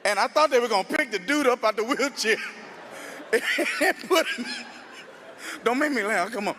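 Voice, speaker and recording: A male stand-up comedian who tells stories loudly and with lots of animation, laughing through his own punchlines. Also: extremely high pitch, expressive, normal speed, a little hiss or hum.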